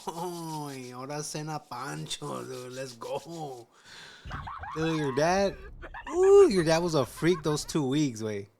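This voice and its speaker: Slow-talking man with lively, joking reactions. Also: fairly high pitch, vocal fry, slight background noise. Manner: slow, profane, joking reactions mixing Spanish slang. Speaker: host. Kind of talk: casual podcast chat.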